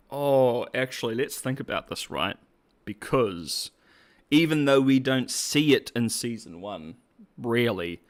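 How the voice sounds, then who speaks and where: An English host with a Cockney accent gives rambling, casual commentary packed with restarts and quick laughs. His mid-range voice is a bit bright.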